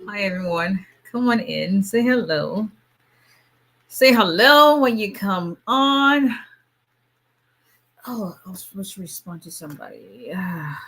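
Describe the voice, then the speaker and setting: A woman's voice: mid-range voice, animated, slow pace, pauses often, a bit bright. A tired woman, an immigration lawyer chatting casually on a livestream, greeting viewers by name and laughing often.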